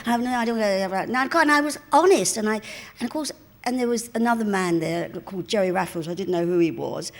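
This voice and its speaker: A woman's voice: medium pitch, brisk. An older woman in her seventies with a broad London Cockney accent, chatting away on stage as a guest. She tells her stories in a rambling, self-mocking and bawdy way. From East End of London. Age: 70s. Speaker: guest interviewee. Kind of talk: anecdotal storytelling on stage. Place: cinema venue before a live audience.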